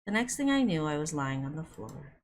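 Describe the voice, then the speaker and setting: A woman streaming a visual novel, reading its narration aloud and breaking off for quick reactions, with music under her voice. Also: low voice, sing-song, slight background noise. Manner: reads narration with quick asides. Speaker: game streamer.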